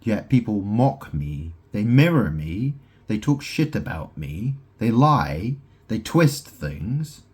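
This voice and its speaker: Man, low husky voice, unhurried, meandering monologue, lots of asides. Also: very animated, a little mellow. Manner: meandering, wordplay-heavy, with many "right?" asides. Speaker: solo vlogger. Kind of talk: rambling monologue to camera. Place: at home in his house.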